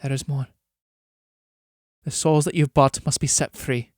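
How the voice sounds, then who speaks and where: A man's voice: medium pitch, steady tone, a little slow, no echo, clean studio sound, close to an everyday voice. A man reading a grave, selfless countess. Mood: solemn.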